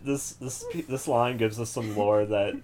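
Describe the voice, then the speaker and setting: A woman's voice: very deep voice, fairly even intonation, a little slow, mellow. A woman co-hosting a comedy show, chiming in with wry remarks and playful theories. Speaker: podcast co-host. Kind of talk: casual comedic commentary.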